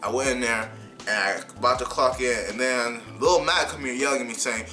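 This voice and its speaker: A young man vlogger telling a heated, animated story about being fired, often repeating himself. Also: mid-range voice, a little fast, soft background music. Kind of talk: casual storytime rant.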